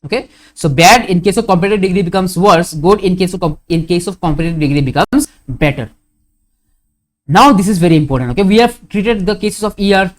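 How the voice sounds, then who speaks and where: A man with an Indian English accent teaching a grammar lesson, going slowly and repeating his examples, often asking a question and then answering it himself. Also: high voice. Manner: slow, repetitive, asks questions and answers them.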